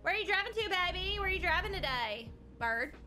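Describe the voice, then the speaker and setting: A woman's voice: very high voice, lively intonation, fairly quick, bright, forceful tone, faint music behind, heavily acted. A woman playing a brassy Southern trucker gal. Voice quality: drawling, calls everyone babies, cackles. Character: brash Southern woman trucker, flirty and crude. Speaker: streamer playing a trucking game in character. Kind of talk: in-character game commentary.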